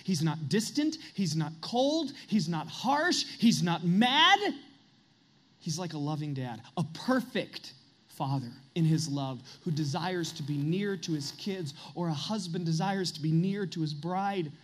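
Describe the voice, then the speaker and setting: A man's voice: a little high, very animated, measured pace. A middle-aged man preaching a sermon as pastor, earnest and confessional, building to emphatic peaks.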